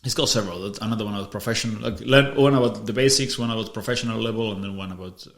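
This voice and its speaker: A man hosts a podcast, talking through ideas in a casual way and frequently restarting or repeating words. His voice sits lowish, with a gravelly texture and a fairly bright tone, and he talks at a racing pace. The recording has a roomy echo.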